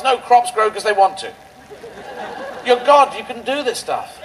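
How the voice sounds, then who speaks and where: High-voiced man doing rambling stand-up. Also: very animated, slight background noise, rough recording. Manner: rambling, surreal, playful delivery with quick asides. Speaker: stand-up comedian. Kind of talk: stand-up routine. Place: outdoor rally stage.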